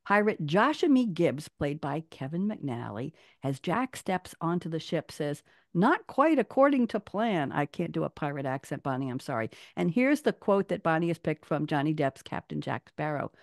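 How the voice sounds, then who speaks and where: A woman hosting a live online talk show, chatty and animated, laughing often, speaking over a video call. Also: low-pitched, moderate pace, vocal fry, hardly any pauses, dry recording, studio quality. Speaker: host.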